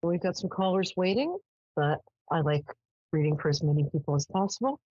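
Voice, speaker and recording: A woman's voice: on the low side, animated, fairly quick, mellow, no room sound. Female psychic show host; dry, dull lo-fi sound, chatty and affectionate. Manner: chatty storyteller, affectionate with callers. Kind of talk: live call-in psychic show.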